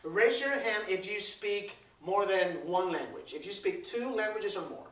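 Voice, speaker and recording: Pastor preaching in an echoey church. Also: male voice, sits high, moderate pace. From Puerto Rico. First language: Spanish. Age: 30s. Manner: lively, repeats words, questions the congregation. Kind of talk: conversational sermon. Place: church sanctuary. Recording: echoey church, distant mic.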